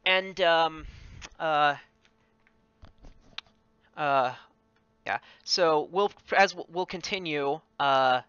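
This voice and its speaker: Bright, crisp-voiced man running the game. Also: medium pitch, no echo, muffled recording. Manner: halting, full of ums and self-corrections. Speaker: game master. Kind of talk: running a tabletop game over voice chat.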